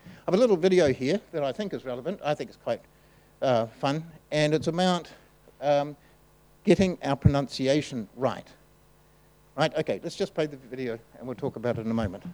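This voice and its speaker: A man preaching a sermon in a conversational, halting way, with frequent restarts. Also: medium pitch, a little mellow, low-quality recording.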